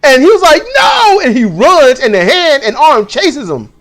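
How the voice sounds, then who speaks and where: A man casually recounting a dream, profane and animated, acting out the people in it. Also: extremely high pitch, moderate pace. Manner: profane, animated, acts out voices. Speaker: channel host. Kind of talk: casual storytelling.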